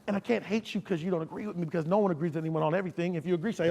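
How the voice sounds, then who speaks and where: A man's voice: high voice, fairly even intonation, rapid-fire, few pauses, a little mellow. A man giving a motivational keynote speech, preacher-like, leading the crowd in call and response. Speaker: keynote speaker.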